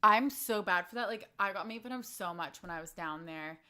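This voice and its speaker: A woman's voice: mid-range voice, brisk, sharp tone. A young woman from Canada, a podcast guest in casual chat, rambling with many fillers and giggles.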